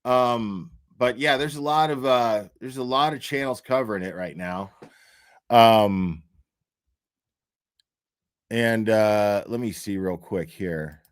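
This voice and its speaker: A man's voice: lowish voice, slow pace, pauses often, clean tone. A man hosting a casual livestream, rambling loosely with lots of fillers and easy laughs. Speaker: livestream host.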